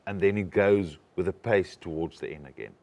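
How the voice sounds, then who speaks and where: A man coaching a young actor, explaining and demonstrating lines in an animated way. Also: low voice, moderate pace. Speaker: acting coach. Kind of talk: coaching a student.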